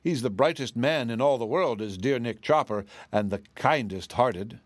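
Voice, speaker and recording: A man's voice: mid-range voice, moderate pace, no echo, natural voice. A man doing a small, earnest kindly wizard. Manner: earnest, a bit nervous.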